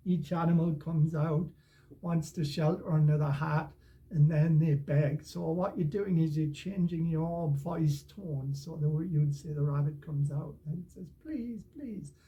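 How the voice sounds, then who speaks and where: An older man explaining how to tell stories with puppets and storybooks, in a relaxed, rambling way with many restarts. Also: on the high side, measured pace, muffled recording. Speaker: storytelling teacher.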